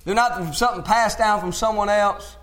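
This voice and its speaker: Very high-voiced male preacher. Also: brisk. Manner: emphatic preaching, rising to shouts, repeating amen; folksy plain-spoken grammar. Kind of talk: sermon.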